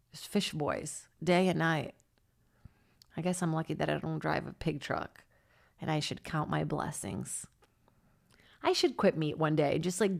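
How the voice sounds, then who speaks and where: A woman comedian from Brazil, podcast host, chatting in a rambling comedic monologue into a studio mic, swearing and jumping between topics. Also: on the low side. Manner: chatty, swearing, jumps between topics with sudden loud squawks. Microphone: studio mic on a stand.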